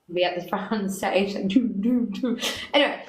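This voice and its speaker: Animated, swearing woman. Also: mid-range voice, normal speed. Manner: animated, swears freely, acts out both sides of quoted talk. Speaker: guest. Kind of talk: casual chat, storytelling. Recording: echoey room with faint noise.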